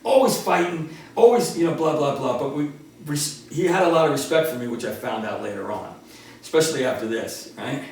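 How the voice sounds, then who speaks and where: A man in his sixties, a martial arts instructor telling a story in an animated, laughing way. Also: on the high side, a little fast, a little hiss or hum. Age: 60s. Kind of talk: casual storytelling. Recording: roomy, distant from the mic.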